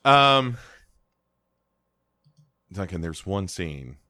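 A man's voice: deep voice, big pitch swings, extremely slow, pushed and bright. A man co-hosting a podcast in casual chat, recapping scenes with many fillers and dry humor. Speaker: podcast co-host.

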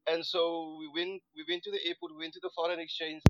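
A man's voice: fairly high pitch, flat delivery, fast, dull audio, noisy background. A man from South Africa calling into a stream, talking in a laid-back, casual way. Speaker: caller. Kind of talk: casual chat.

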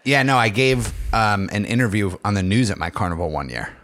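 A man's voice: lowish voice, expressive, brisk, fairly bright tone. A young man co-hosting a podcast, joking and teasing as he tells stories in casual chat.

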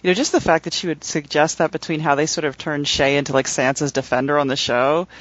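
A rambling podcast co-host, a man with a fairly high voice, talking casually with many fillers. The recording sounds dull and lo-fi. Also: steady tone, fast, a bit bright, dry recording. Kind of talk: casual book discussion and reading.

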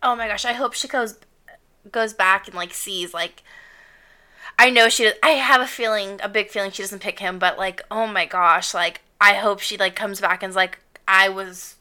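A woman's voice: mid-range voice, normal speed, pushed and bright. A woman co-hosting a podcast, chatting casually in a gushing, exclamatory way. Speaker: podcast co-host. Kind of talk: casual chat.

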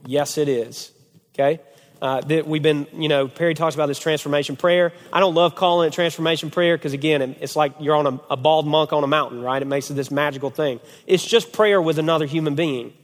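A family pastor preaches a sermon to a men's group, his slightly high voice moving a little fast and trailing a long reverb tail. He tells stories with energy and keeps asking "okay?"

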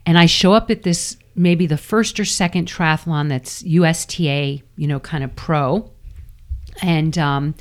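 Woman, middle-aged, low-pitched, candid, self-deprecating, interview guest. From New York. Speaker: guest, former triathlete. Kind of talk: casual interview storytelling.

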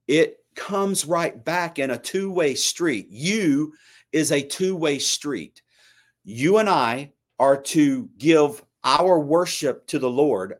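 American male preacher, unhurried delivery, earnest, hushes to a whisper for emphasis. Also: on the high side. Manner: earnest, drops to a soft whisper on key phrases. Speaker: host and preacher. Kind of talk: sermon.

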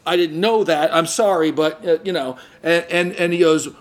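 A man hosting a podcast, telling a long story in a casual, animated way, acting out the people he quotes and often restarting his sentences. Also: fairly high pitch, normal speed. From San Diego area. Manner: animated, acts out quoted voices, frequent restarts. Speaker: podcast host.

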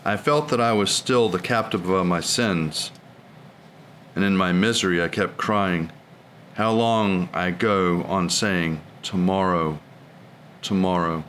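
A man's voice: sits low, slow pace, fairly bright tone. Man reciting prayers, faint hiss behind. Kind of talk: liturgical reading and prayer.

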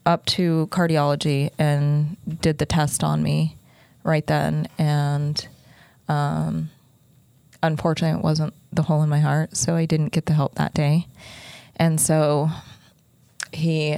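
A woman with a low, gravelly voice shares a painful personal story. She speaks in halting, unguarded bursts with many restarts, sounding close to tears. The sound is dry and close. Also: level tone, a little mellow, no room sound.

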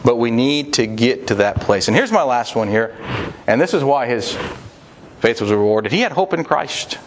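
A man's voice: mid-range voice, lively intonation, moderate pace, slight background noise. A man preaching a sermon to fathers, earnest and plain-spoken, acting out quoted prayers as he teaches.

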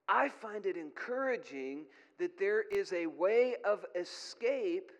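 A man's voice: high voice, lively intonation, slow pace, hardly any pauses, long reverb tail, muffled recording. A middle-aged man preaching a sermon as a pastor, earnest with folksy asides.

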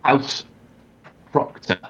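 A man's voice: drawn-out words, a bit bright, dull audio. A man narrating as game master over a video call, with a wry, rambling delivery and plenty of fillers. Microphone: computer mic on a video call.

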